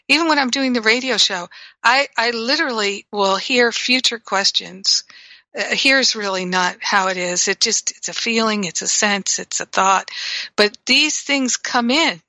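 A woman's voice: mid-range voice, normal speed, sharp tone, no room sound, low-quality recording. A woman teaching in a reflective spiritual talk, telling stories and acting out her own reactions. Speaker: spiritual teacher and radio host.

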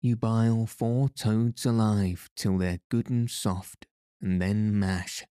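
A man's voice: fairly low pitch, fairly even intonation, takes it slowly, warm tone, no echo, studio quality. A man doing a teasing old Irish peddler. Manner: folksy brogue, teasing and sly. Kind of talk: storybook reading.

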